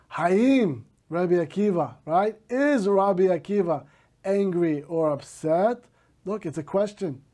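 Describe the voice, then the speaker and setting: A male teacher slowly reading a story aloud to a class, stopping to gloss words in Hebrew. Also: sits high, warm tone.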